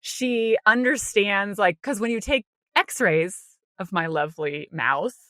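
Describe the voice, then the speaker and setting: A woman co-hosting a podcast, telling a personal story in a casual, animated way, acting out her own inner voice with light laughs and lots of "like". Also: mid-range voice, slow pace, no echo, studio quality. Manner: frequent light laughter and "like" fillers. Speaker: podcast co-host.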